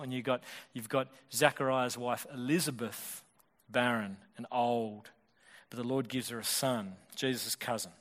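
A male pastor preaching a sermon in a fast, conversational way, often restarting his sentences. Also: mid-range voice, a bit bright. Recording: long hall reverb.

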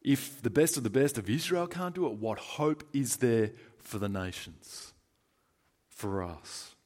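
A man's voice: mid-range voice, animated, a little slow. Australian man preaching conversationally. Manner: conversational and emphatic, swinging between loud and hushed. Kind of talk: sermon.

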